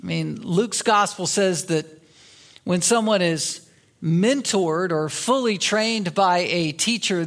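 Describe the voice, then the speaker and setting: A middle-aged man delivers a sermon in a notably high voice. He preaches earnestly and drives each point home by repeating it. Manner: earnest expository preaching with emphatic repetition. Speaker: pastor.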